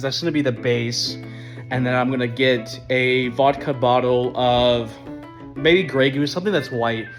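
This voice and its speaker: A young man giving a casual video diary update, excited and rambling with lots of fillers and restarts. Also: medium pitch. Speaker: vlogger planning a party.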